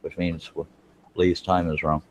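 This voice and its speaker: Guy with a real low voice, rambles and restarts a lot, easygoing stream chat. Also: level tone, unhurried. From Texas. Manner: rambling, self-correcting, chatty. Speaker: guest woodworker. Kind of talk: casual live-stream chat. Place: home, smoking while talking.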